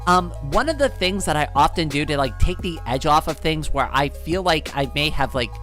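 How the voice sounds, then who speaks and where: With faint music in the background, the streamer speaks at normal speed in a low, animated, slightly bright voice. She's casually offering friendly advice, chatty and playful, frequently laughing and sprinkling in "like" and "right?".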